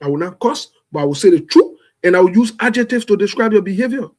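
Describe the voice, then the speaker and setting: A man's voice: high voice, lively intonation, fast talker, darkish tone. Blunt, impassioned man from Liberia. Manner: blunt, emphatic, repeats phrases for force. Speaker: show host. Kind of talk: impassioned political commentary. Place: home in the United States.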